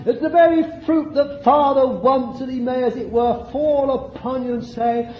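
A man's voice: very high voice, fairly even intonation, normal speed, hardly any pauses, lo-fi sound, slight background noise. A man preaching a fervent sermon, exclaiming and laughing between points.

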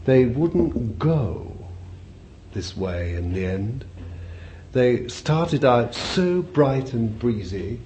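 A man's voice: medium pitch, lively intonation, extremely slow, dark tone. A man preaching a sermon in a conversational way, repeating phrases and putting questions to his listeners. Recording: dull lo-fi recording with faint hiss.

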